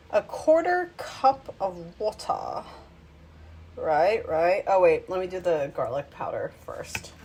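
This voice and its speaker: Slow, rambling woman cooking at home. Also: on the low side, slight background noise. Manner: rambling, self-mocking, thinks aloud. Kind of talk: casual talk while cooking. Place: home kitchen. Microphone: phone.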